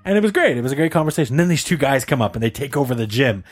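A man on a podcast telling a story in casual chat, animated and swearing, laughing often. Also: mid-range voice, very fast. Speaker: podcast co-host.

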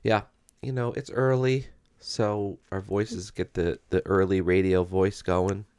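A man's voice: low voice, flat delivery, measured pace, darkish tone, clean tone, dry recording. A man co-hosting a podcast in laid-back casual chat, with a wry manner. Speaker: podcast co-host.

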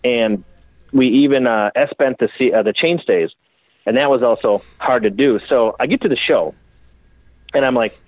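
A bike builder from Minnesota telling animated, profane stories in a casual interview. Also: male voice, mid-range voice, moderate pace, no echo. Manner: animated, profane, rambling storyteller. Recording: tinny phone-like line.

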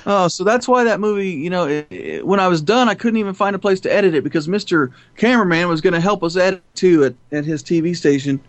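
A man telling stories in an interview, animated and profane, often laughing. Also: high voice, fast, few pauses, dry recording. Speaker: filmmaker guest. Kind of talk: storytelling interview.

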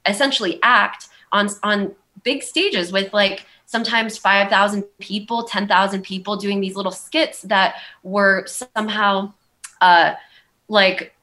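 A woman's voice: mid-range voice, fairly even intonation, a little slow, pushed and bright. A young woman with a Valley girl accent, telling her story in a rambling, candid way, full of "like" and "um". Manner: rambling, heavy use of "like" and "um". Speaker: guest.

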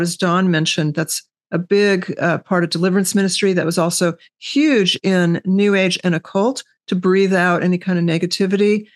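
Measured woman guest explaining. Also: on the low side. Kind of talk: casual discussion.

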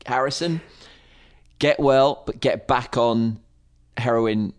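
A man's voice: mid-range voice, slow pace, smooth. A British man co-hosting a podcast, bantering with dry teasing humor. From Britain. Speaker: podcast co-host. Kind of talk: casual banter.

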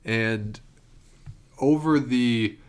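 A man's voice: medium pitch, very slow, clean tone. A man co-hosting a curling show, chatting casually and a little under the weather. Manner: easygoing, laughs easily. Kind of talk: casual sports chat. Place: inside an arena.

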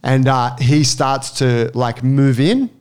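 Man, casual storyteller, smooth resonant tone, mid pitch. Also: takes it slowly. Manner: animated storyteller, acts out quotes.

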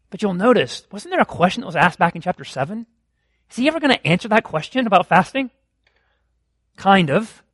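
A male pastor preaching with a high, ringing voice that climbs even higher as he stirs up his congregation. His sermon swings from quick asides to slow, emphatic declarations. The sound is dry and close, with no room echo. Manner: impassioned preaching, rising to loud exclamations.

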